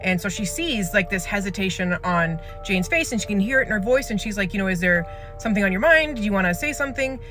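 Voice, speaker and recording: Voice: mid-range voice, expressive, quick pace, bright, forceful tone. Rambling storyteller over background music. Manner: rambling, with many fillers and acted-out quotes. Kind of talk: casual spoken storytelling. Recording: clear music bed under the voice.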